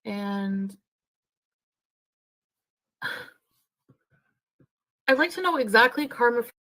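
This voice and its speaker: Woman vlogger clip, sighs a lot, defensive and aggrieved, somewhat high voice. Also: animated, slow, long pauses, a bit bright, low-quality recording. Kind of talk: vlog monologue played in a clip.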